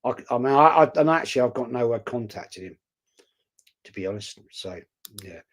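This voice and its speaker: Man, live-stream host, blunt and outspoken, casual chat, middling pitch. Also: animated, brisk. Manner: blunt, outspoken, chatty, calls viewers mate.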